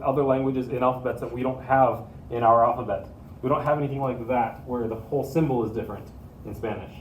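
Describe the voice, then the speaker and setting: A male teacher explains pronunciation to his students with steady patience, saying each key point twice. He is heard from a little way off in an echoing room with a faint hum behind him. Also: medium pitch, recorded from a distance. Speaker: Spanish teacher. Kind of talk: classroom lesson to students.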